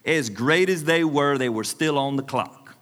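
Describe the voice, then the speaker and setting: In a church hall full of congregants, a pastor in his forties delivers a sermon with a mid-range, unhurried voice and a long reverb tail. He's animated, telling humorous stories and laughing often.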